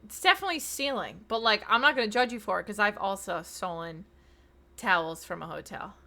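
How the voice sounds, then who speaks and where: A woman streamer chatting casually with her viewers, excitable and talkative, loudly greeting people in chat. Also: medium pitch, fairly quick. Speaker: streamer host.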